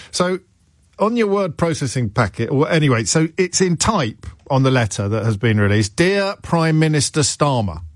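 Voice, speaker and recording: A man's voice: fairly high pitch, very animated, moderate pace, no echo, studio quality. A middle-aged man hosting a radio phone-in, talking in a chatty, wry, digressive way with self-mocking asides. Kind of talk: talk radio monologue. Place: radio studio. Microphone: studio microphone.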